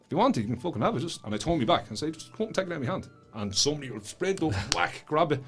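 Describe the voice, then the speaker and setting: Husky, blunt Dublin man. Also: a little high, racing, soft background music. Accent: Dublin Irish. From Ireland. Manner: blunt, swears a lot, animated storytelling. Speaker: guest author and school speaker. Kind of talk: casual podcast chat. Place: studio.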